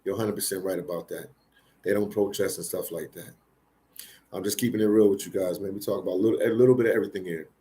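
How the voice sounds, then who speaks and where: A man's voice: low-pitched, fairly even intonation, fast talker, dark tone, slight background noise. A man hosting a livestream, telling stories casually, repeating phrases and speaking with emphasis. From Philadelphia, United States. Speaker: livestream host. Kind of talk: casual live storytelling.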